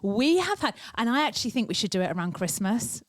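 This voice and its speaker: A woman's voice: on the high side, very animated, fast, no room sound. A woman co-hosting a podcast, telling stories in a chatty way and laughing often. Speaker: podcast co-host. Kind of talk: casual chat.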